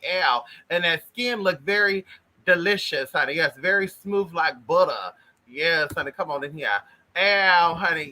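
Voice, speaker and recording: A man chats with his livestream viewers in a high, piercingly bright voice, welcoming each by name. He is flamboyant and blunt, curses freely, and calls everyone honey. The talk stays loose and unscripted. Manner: profane and blunt. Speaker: livestream host. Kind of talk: casual livestream chat greeting viewers.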